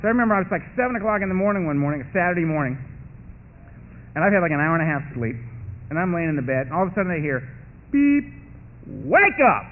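A middle-aged man telling his personal story to a live audience at a recovery meeting, animated and wry, acting out the voices of others. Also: fairly high pitch, very fast. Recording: phone-like muffled recording with faint hum.

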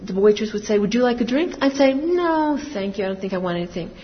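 A woman's voice: medium pitch, lively intonation, fast. A middle-aged woman giving a candid, confessional personal testimony to a group, her emotion swinging as she tells it. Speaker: speaker sharing her recovery story. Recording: distant reverberant hall, dull sound, faint noise.

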